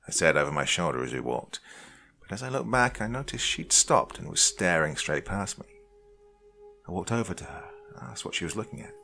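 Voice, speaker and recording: A man tells a spooky story in a deep, gravelly voice that rises and falls with lively drama. His tone is bright and forward, with a rough crackle at the bottom. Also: a little fast, faint music behind. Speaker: narrator. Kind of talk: storytelling narration.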